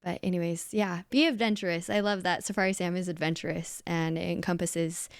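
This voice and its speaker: A woman's voice: lowish voice, steady tone, a little fast, smooth, no room sound. Chatty woman podcast host, dry mic. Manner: chatty, warm-hearted, laughs easily. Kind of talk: casual podcast chat.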